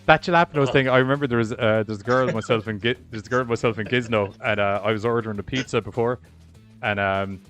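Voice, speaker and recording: A man's voice: lowish voice, fast talker, fairly bright tone, faint music behind. A man, co-hosting a podcast in casual chat. He tells stories with lots of energy, laughs often and swears freely. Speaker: podcast co-host.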